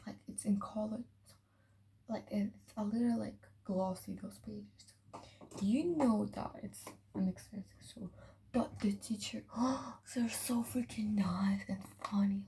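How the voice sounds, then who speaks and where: A teenage French girl with a slight French accent and a mid-range, dark voice with vocal fry vlogs from her home bathroom. She rambles casually through her night skincare, often dropping to a whisper; the audio is poor with a little hiss or hum.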